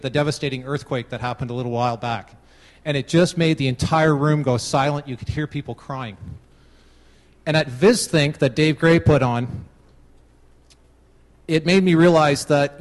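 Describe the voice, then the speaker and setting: A Canadian man giving a casual short talk at a conference, telling a joke. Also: on the high side. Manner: casual, tells a joke with voiced characters. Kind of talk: open-mic talk with a joke. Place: large conference room. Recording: long hall reverb.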